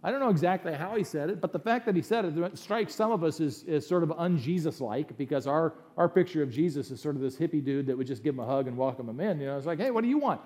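A male pastor delivering a sermon with a fairly high, mellow voice. He talks in a loose, conversational way, with quick asides and emphatic lines between passages of scripture. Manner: animated, conversational, opinionated asides.

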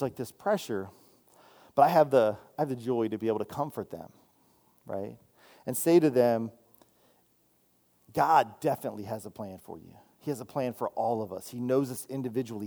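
A man's voice: mid-range voice, dark tone. A man preaching as a student minister, talking in a loose, conversational way and checking in with "right?" as he goes. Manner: conversational, repeats "right?" and restarts often. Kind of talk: sermon.

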